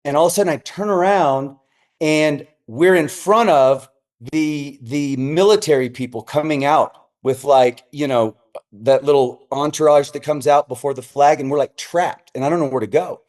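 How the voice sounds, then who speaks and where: A middle-aged man, a senior pastor, spins stories as a podcast guest. He talks casually and acts out each person he quotes, jumping up for his son and dropping low for himself. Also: normal speed. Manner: animated, acts out quoted voices. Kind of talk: storytelling in casual podcast chat.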